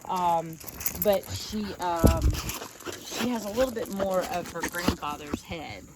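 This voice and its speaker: A woman's voice: fairly low pitch, takes it slowly, heavy background noise. A woman dog breeder casually explaining a dog's build and giving firm, short commands outdoors. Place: outdoors on a rural farm.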